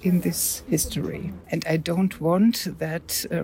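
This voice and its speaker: A woman whose first language is German, speaking halting, earnest English as an interviewee. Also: fairly low pitch, creaky, darkish tone.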